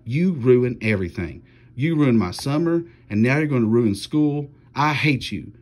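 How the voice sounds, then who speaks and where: Storybook boy, angry and sulky, sharp retorts, man reading aloud. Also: lowish voice, big pitch swings, moderate pace, husky, exaggerated voice. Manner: shouting, bitter retorts.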